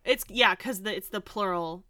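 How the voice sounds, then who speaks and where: A woman in her thirties co-hosting a podcast, explaining things in a relaxed, chatty way. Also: mid-range voice, normal speed, no room sound. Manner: explanatory, laughs easily. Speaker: podcast co-host. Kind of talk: casual chat.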